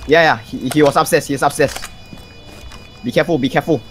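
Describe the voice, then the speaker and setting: A man's voice: a little high, fast talker. A man giving urgent, repeated commands to teammates during an online shooter game. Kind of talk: casual gaming chat. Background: game music and gunfire.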